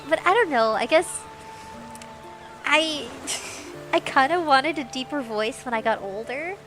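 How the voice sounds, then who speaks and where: Bubbly woman with a squeaky voice. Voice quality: high, squeaky voice. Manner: bubbly and giggly, chatting to viewers. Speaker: VTuber livestreamer. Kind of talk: casual stream chat. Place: home streaming setup. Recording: music playing behind.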